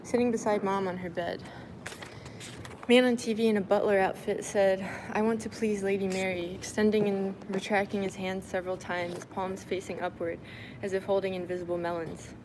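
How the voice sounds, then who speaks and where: A woman on a live stream, reading her diary entries aloud in a flat, deadpan way with casual asides. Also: mid-range voice, moderate pace, background noise. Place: moving between venues and a car.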